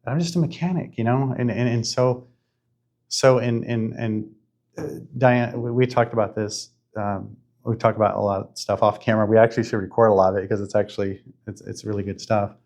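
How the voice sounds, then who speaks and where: A man in his fifties hosting a podcast, telling a spiritual story in an earnest, halting way with many restarts. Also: on the low side, flat delivery, a little mellow. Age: 50s. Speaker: podcast host.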